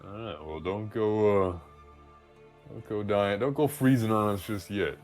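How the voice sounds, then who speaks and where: A man speaking casually as a player in a tabletop game, halting and relaxed. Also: lowish voice, soft background music.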